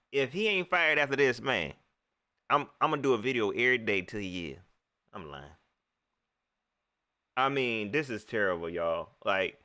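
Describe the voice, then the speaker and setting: A man's voice: medium pitch, fairly bright tone, no echo, studio quality. A man hosting a live post-game stream, ranting about his team and reading out viewer comments. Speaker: livestream sports commentator.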